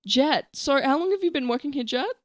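A woman's voice: high-pitched, animated, fairly quick, dry recording. A woman hosting a comedy podcast, doing improv banter in a theatrical, mock-posh manner.

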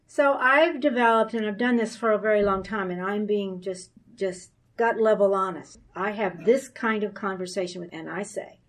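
A woman's voice: mid-range voice, recorded from a distance. Earnest woman teacher, a bit off-mic. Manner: earnest, confiding, laughs softly between points. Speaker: women's Bible teacher. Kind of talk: sermon.

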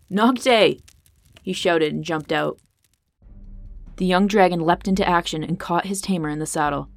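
A woman narrating a fantasy story podcast in a dramatic, tense storytelling manner. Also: low-pitched. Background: faint guitar music.

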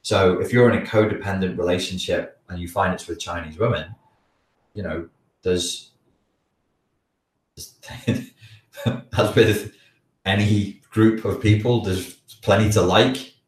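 Scouse man, very deep voice, blocked nose, hesitant live chat, roomy sound, distant from the mic. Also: fairly even intonation, slow pace, long pauses. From the Wirral, England. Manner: hesitant, many restarts, chuckles while talking. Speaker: livestream host answering chat questions.

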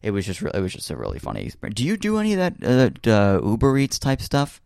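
A man's voice: medium pitch, wildly swooping pitch, quick pace, creaky, a little mellow, clear, resonant tone, dry recording, clean studio sound. A young man casually telling a long funny story, full of fillers and restarts. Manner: rambling, many fillers and restarts, laughs while telling. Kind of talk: casual chat.

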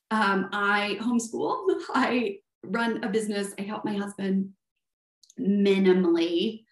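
A middle-aged woman with a Southern US accent and a high-pitched voice, giving an earnest motivational talk as a life coach. She asks rhetorical questions and often tags on "right?". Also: measured pace. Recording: echoey room.

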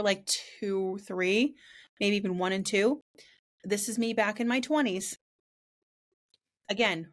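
A woman in her thirties hosting a podcast, telling a story in a blunt, profane, animated way. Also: medium pitch. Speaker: podcast host and spiritual practitioner. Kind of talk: casual storytelling chat.

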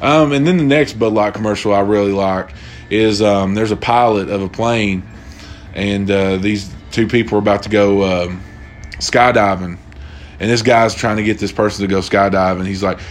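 Young dude ranting on his solo podcast, lowish voice, swears a lot, some music faint in the back. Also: normal speed. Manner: profane, rambling, loose storytelling. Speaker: podcast host. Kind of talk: casual solo podcast monologue.

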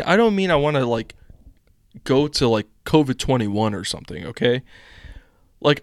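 A man's voice: fairly high pitch, dry recording, clean studio sound. A young man from the United States hosting a casual political live stream, reading news aloud with rambling chatty asides.

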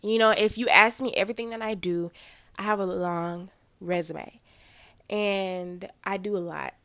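A woman's voice: mid-range voice, steady tone, unhurried, a bit bright. A teenage girl hosting her own podcast, a little congested, talking casually with many fillers and self-corrections. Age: teens. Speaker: podcast host.

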